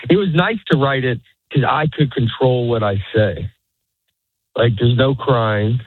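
A man's voice: medium pitch, unhurried, no echo. Comedian guy in his 40s rambling thru a story, laughs a lot, tinny dry radio line. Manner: rambling, self-interrupting, laughs often. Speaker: stand-up comedian guest. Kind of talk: casual interview chat.

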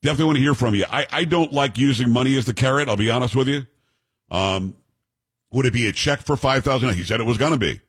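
A man hosting a talk radio show, delivering a rapid, blunt, opinionated monologue into a studio microphone. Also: medium pitch, slightly rough.

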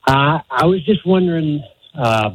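A man's voice: a little high, animated, a little slow, noisy background. A man in his sixties calling in to a radio show, chatty and a little hesitant. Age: 60s. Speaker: radio caller. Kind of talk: phoned-in question.

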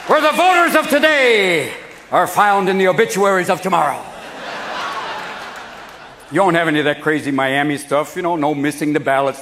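A man performing a live stand-up comedy set, rapid and manic, jumping between voices. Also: fairly high pitch. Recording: live club recording with crowd laughter and noise.

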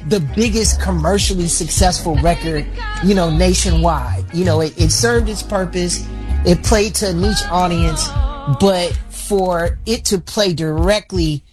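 A man in his forties from Chicago, a singer talking casually in an interview, animated and often restarting his sentences. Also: high-pitched, a little slow, music in the background. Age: 40s. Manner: animated, repeats words when starting sentences. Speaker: singer guest.

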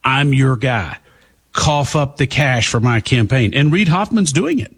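A man hosts a political talk show with a slightly husky voice. He delivers opinionated commentary in a sarcastic, emphatic way, hammering his points home. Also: mid-range voice, animated, unhurried. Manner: sarcastic, emphatic, talks back to clips.

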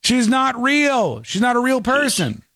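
A man's voice: very high-pitched, wildly swooping pitch, a little slow, fairly bright tone, dry recording, studio quality. A man hosting a commentary show, reacting sarcastically and mockingly to a news clip. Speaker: host.

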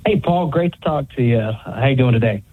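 A man's voice: medium pitch, expressive, a little fast, husky. A man from Northeast Tennessee calling in to a sports radio show, polite and eager. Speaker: caller. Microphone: telephone. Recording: phone line.

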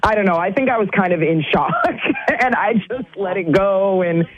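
A woman's voice: mid-range voice, lively intonation, normal speed, husky, muffled recording. A woman on a radio show telling an embarrassing date story, hesitant and restarting often. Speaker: caller.

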